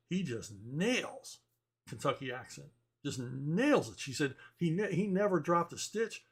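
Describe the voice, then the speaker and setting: A man who writes comic books, chatting casually and answering viewer questions in a rambling, blunt and wry way, chuckling often. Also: mid-range voice. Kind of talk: casual opinionated chat.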